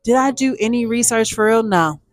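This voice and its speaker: Gal talking to her viewers, lively and chatty, calls everybody y'all, dry sound. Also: fairly high pitch, normal speed, no echo. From Texas, USA. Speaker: storytime vlogger. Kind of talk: casual storytelling to viewers.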